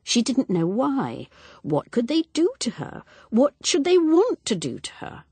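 A woman reading an audiobook in measured, expressive narration. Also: on the high side, breathy edge, no room sound. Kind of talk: scripted narration.

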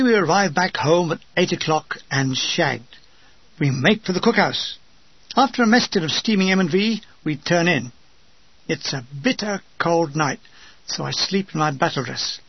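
A man's voice: sits high, breathy edge, no echo. Wry man reading a memoir. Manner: wry, deadpan humor with acted asides. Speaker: memoir narrator. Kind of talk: comic wartime memoir reading. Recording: dull lo-fi dry recording.

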